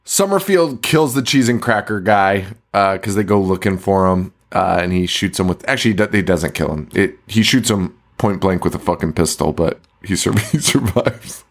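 A man's voice: low-pitched, normal speed, hardly any pauses. A man co-hosting a podcast, chatting casually about a film in a rambling, profane way that is full of laughter. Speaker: podcast co-host. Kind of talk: casual movie-review chat.

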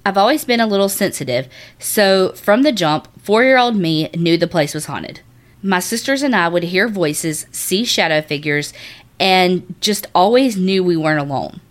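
A lower-pitched woman hosting a chatty podcast. She reads a listener's spooky story, then slides into animated, laughing banter. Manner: animated, swears, laughs often. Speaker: podcast co-host. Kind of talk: casual chat and reading a listener story.

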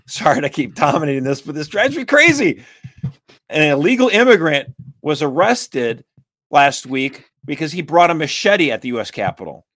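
A man hosting a political talk show, speaking in an animated, emphatic and exasperated way. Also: a little high, no echo. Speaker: podcast host.

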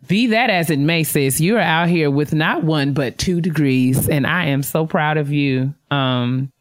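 A woman with a notably low voice co-hosts a casual podcast. She is chatty and laughs often, calling out to listeners. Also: unhurried. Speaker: podcast co-host.

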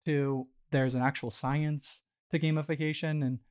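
A man's voice: a little high, normal speed, smooth. A man guest on a business interview show, talking casually with lots of fillers and restarts. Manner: relaxed, filler-heavy, frequent restarts and "you know". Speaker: startup founder guest. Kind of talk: casual storytelling conversation.

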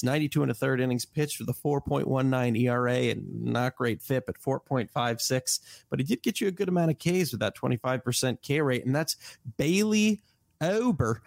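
A man co-hosting a casual sports podcast, laid-back and quick to laugh, with lots of hesitant fillers. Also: medium pitch, creaky, no room sound. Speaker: podcast co-host. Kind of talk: casual fantasy baseball podcast chat.

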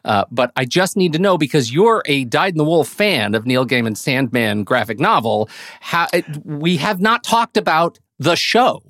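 A man's voice: on the high side, animated, normal speed, a bit bright, no room sound, clean studio sound. A man hosting a podcast, chatting casually and playfully, laughing often. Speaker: podcast host. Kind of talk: casual podcast chat and ad reads.

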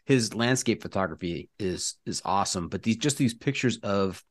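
A man hosting a podcast, chatting with his guest in a relaxed, affirming way. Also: lowish voice, moderate pace, no echo, clean studio sound. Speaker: podcast host. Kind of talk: casual interview chat.

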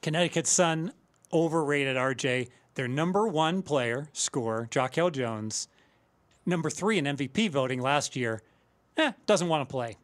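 A man with a somewhat high voice, giving sports betting picks on a talk show. He lays out his reasoning plainly and matter-of-factly. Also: lively intonation, a little slow.

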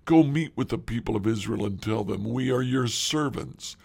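A man reading as humble gravelly envoys pleading. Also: medium pitch, normal speed, darkish tone. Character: weary male envoys pleading as servants.

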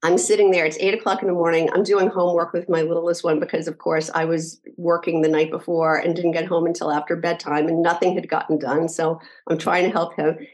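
A middle-aged woman speaks as an interview guest, her voice sitting on the low side for a woman. She retells events earnestly and in detail, often restarting her sentences as she goes. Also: level tone, brisk, hardly any pauses, darkish tone, poor audio. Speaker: podcast guest. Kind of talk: personal storytelling interview.

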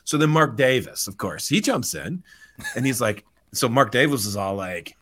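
A man's voice: mid-range voice, moderate pace. A man hosting a sports talk show, energetically recapping a story and slipping into impressions. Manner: energetic retelling, slips into voices.

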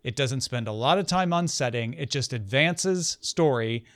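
A man's voice: mid-range voice, expressive, moderate pace, fairly bright tone, no echo, clean studio sound. A man co-hosting a casual book discussion over a video call, eager and enthusiastic. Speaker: podcast co-host.

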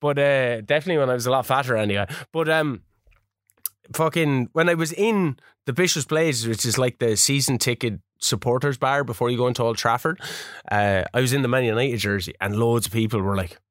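A man's voice: fairly quick, no echo, clean studio sound. A man, a radio presenter co-hosting a podcast, telling sweary, laughing anecdotes. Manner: swearing, laughing anecdotes, drops low for asides. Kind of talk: casual chat, anecdote telling.

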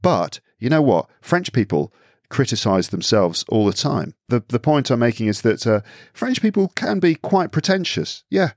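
A man's voice: mid-range voice, sing-song, moderate pace, a little mellow, dry recording, clean studio sound. An English man chatting casually as a podcast guest, talkative, often correcting himself mid-sentence and laughing easily. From England. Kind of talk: casual chat.

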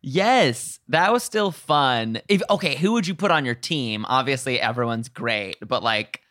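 A man's voice: medium pitch, dry recording. A man hosting a podcast, chatting casually and laughing easily. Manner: animated, quick to laugh. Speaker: podcast host. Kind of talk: casual chat.

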